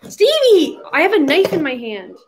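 Chatty young woman with a high voice. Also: normal speed, a bit bright, slight background noise. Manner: chatty and giggly, baby-talking to her puppy. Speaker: livestream host. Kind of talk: casual livestream chat.

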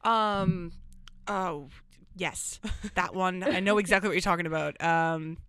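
A woman's voice: fairly low pitch, a little slow, a bit bright, clean tone, no echo, clean studio sound. A woman, co-hosting a podcast in casual, brash chat, swearing freely. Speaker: podcast co-host.

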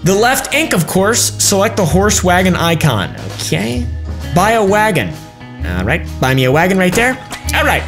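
A man's voice: high voice, very animated, moderate pace, a bit bright. A young man giving casual, crude, joking commentary while playing a game, swearing often. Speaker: gaming YouTuber. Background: game music.

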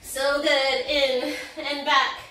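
A woman fitness instructor calls out a workout class, out of breath. Her voice sits high, and she talks at an unhurried pace between cheers and counts. The sound is roomy and echoey, as if the mic sits some way off. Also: level tone, sharp tone, far from the mic. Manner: upbeat, counting reps and cheering with whoops and laughs.

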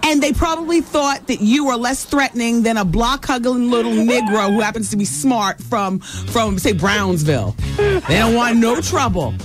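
A woman hosting a call-in radio show, bantering with callers in a brash, teasing, quick-witted way. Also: on the high side, animated, over music.

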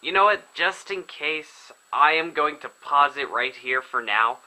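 Chatty young guy, bright voice. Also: medium pitch, takes it slowly, low-quality recording. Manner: chatty, excitable, jokey. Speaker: gaming video host. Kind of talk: casual let's play commentary. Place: indoors at home, filming himself.

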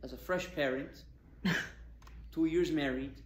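A man's voice: on the high side, slow pace, slight background noise. A male rabbi giving a Torah talk, firing rhetorical questions at his audience with emphasis. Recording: echoey room with faint ambience.

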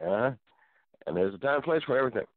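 A middle-aged man hosting a talk show, telling a story in an animated, preacherly way and exclaiming often. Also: mid-range voice, very fast, dry recording. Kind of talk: casual storytelling. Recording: dry tinny phone-like sound.

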